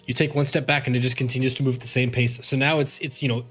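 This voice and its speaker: A man's voice: mid-range voice, flat delivery, quick pace, fairly bright tone, faint music behind. A man narrating as game master for a tabletop game, rambling with fillers and restarts.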